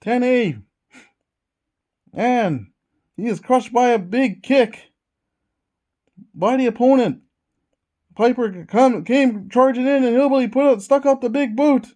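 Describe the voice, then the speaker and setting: A man hosting a tabletop wrestling game and calling it like a ring announcer. He narrates every move as it happens, with plenty of excitement. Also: extremely high pitch, slow, pauses often. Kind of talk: wrestling play-by-play commentary.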